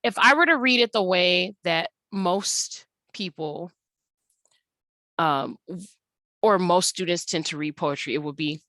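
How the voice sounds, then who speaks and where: Young adult woman, teacher narrating a slide lesson; low pitch, dry close-up sound, relaxed and filler-heavy. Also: no room sound. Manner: unhurried, many ums and uhs. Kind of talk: recorded slide lesson walkthrough.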